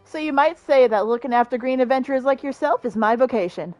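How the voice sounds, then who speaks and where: A woman's voice: high-pitched, fast, darkish tone, dry recording, muffled recording, soft background music, voice pushed up, close to an everyday voice. A woman voicing a welcoming female innkeeper in a game, with a genial, lilting manner. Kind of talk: voicing game dialogue aloud.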